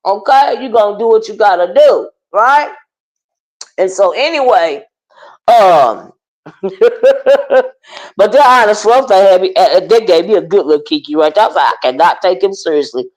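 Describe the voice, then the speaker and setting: A woman's voice: mid-range voice, moderate pace, long pauses, rough recording. A woman hosting a casual commentary stream, chatting with her live viewers by name and reacting to online drama. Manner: chatty, animated, talks to her chat by name. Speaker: commentary channel host.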